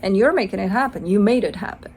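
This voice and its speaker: A woman of average pitch gives a casual tarot reading, chatting freely and swearing now and then. She playfully acts out the listener's voice in little exchanges. Faint noise sits behind her. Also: fast talker, darkish tone. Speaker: tarot reader.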